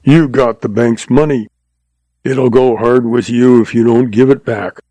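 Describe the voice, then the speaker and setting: A man voicing a greedy, suspicious banker who snarls and rasps his words. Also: medium pitch, fairly even intonation, unhurried, warm tone, no echo, lightly acted. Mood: snarling. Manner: snarling, rasping. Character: greedy, suspicious middle-aged male banker.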